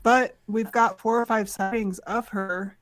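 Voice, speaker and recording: A woman of middle pitch talks earnestly with her podcast team. She stops and restarts her sentences now and then. The sound is dry and close to the mic. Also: steady tone, a little slow, dry recording. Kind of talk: casual chat.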